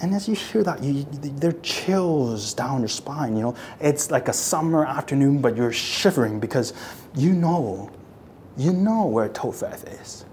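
A preacher delivering a sermon, retelling scripture dramatically, dropping to a hush and then rising, and repeating phrases for emphasis. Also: mid-range voice, lively intonation, a little slow, slight background noise. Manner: dramatic, swings from hushed to raised voice.

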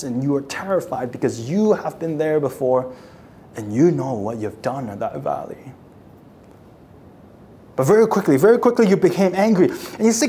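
A preacher delivering a sermon, retelling scripture dramatically, dropping to a hush and then rising, and repeating phrases for emphasis. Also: mid-range voice, expressive, normal speed. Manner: dramatic, swings from hushed to raised voice.

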